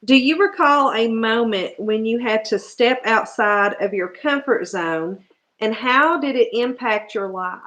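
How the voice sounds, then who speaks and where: Lady host on a live interview, gentle, lots of mm-hmm, reads her questions. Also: on the high side, a little slow. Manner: gentle short listening cues, reads questions.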